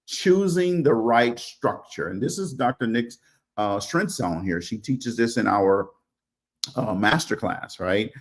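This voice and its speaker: Man from Louisiana, co-host, relaxed chat over a video call, lively voice, middle pitch. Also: measured pace. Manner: relaxed, with fillers and laughs. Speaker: co-host and co-author. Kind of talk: casual chat on a livestream.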